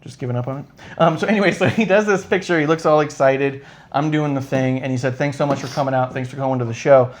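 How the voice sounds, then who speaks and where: A man hosting a live podcast, talking at a middle pitch in loose, casual chat. He rambles through an anecdote, swears freely and slips into quoted dialogue with changing voices. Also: fast talker. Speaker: podcast host.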